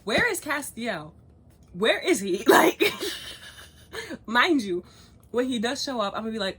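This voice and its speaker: A young woman vlogging in casual chat, animated, swearing freely and laughing often as she rambles. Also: mid-range voice, moderate pace, pauses often, slightly rough. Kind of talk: casual chat, cookie review and gossip.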